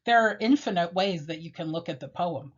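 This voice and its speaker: A woman teacher lectures on a poem in a fairly low voice. She explains step by step, pausing and filling gaps as she thinks. The recording sounds dull and lo-fi. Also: slightly rough. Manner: measured, explanatory, with pauses and fillers. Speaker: literature teacher.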